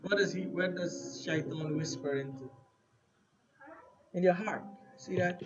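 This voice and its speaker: A man teaching an Arabic lesson to a class, asking questions and having students repeat words after him. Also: high voice. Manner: slow, asks students questions and has them repeat words. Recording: dull lo-fi classroom recording with faint noise.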